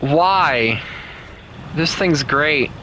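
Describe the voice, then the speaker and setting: A man with a Southern US accent, streaming a game and chatting playfully with co-players, breaking into teasing and high shouts. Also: expressive, very slow, slight background noise. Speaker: gaming streamer. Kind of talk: casual gameplay chat with co-players.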